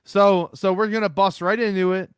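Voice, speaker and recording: A man's voice: high voice, steady tone, normal speed, clear, resonant tone. A man co-hosting a sports podcast, chatting casually, laughing and swearing freely. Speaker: podcast co-host.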